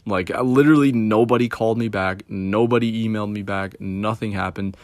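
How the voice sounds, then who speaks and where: A man's voice: on the low side, steady tone, brisk, darkish tone, dry recording. A young man in his twenties rambling through a casual story, packed with filler words and swearing. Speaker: streamer.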